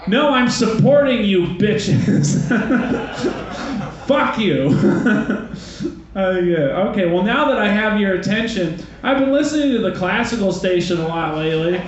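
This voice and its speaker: Higher-voiced male stand-up comic in an echoey club. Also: measured pace, noisy background. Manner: rambling, profane, self-deprecating. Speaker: stand-up comedian. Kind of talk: stand-up comedy set. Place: comedy club stage. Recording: echoey club, muffled sound.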